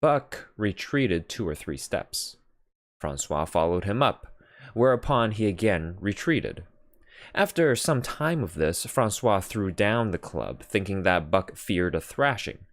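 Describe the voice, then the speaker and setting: A deep-voiced man reading a classic novel aloud at an unhurried pace. His measured reading swings widely in pitch to bring out the drama. The recording is dry and close, with no room sound. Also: expressive, no echo. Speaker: audiobook reader. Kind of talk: unhurried literary narration.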